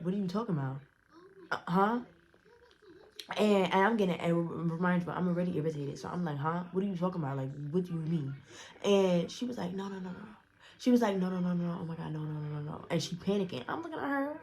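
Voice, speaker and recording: A young woman telling a casual storytime to her viewers, blunt and profane, animated, with frequent restarts. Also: on the low side. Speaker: storyteller vlogger.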